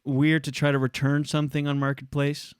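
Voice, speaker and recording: A man in a casual podcast argument who is blunt and sarcastic and keeps cutting in. His voice sits somewhat high for a man. The sound is close and dry, with no room to it. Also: monotone, a little fast, smooth, dry recording. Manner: blunt, sarcastic, talks over his partner. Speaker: podcast co-host. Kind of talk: casual arguing chat.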